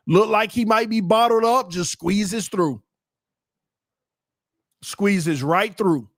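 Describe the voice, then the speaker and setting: A young man hosts a live sports watch party, calling plays and bantering with viewers in casual slang. He's excitable, jumping from hyped play-calling to low muttered asides, recorded dry with clean studio sound.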